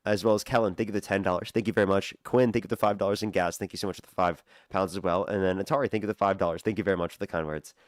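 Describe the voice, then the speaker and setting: Fast-talking young man streaming live. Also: low-pitched, fairly even intonation, no room sound, studio quality. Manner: rapid-fire, repetitive thank-yous to donors. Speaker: livestream debate host. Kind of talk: casual livestream talk.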